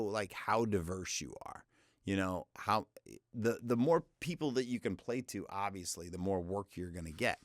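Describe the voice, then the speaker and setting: A man's voice: deep voice, lively intonation, normal speed, no room sound, studio quality. A man in his forties coaching voiceover work in a loose, chatty, self-deprecating way, his voice often cracking. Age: 40s. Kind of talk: casual instructional talk.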